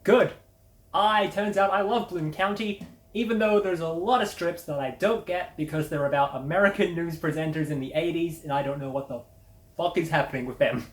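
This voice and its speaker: A woman's voice: on the low side, normal speed. A woman hosting a casual media review, blunt, sardonic and full of swearing. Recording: roomy echo.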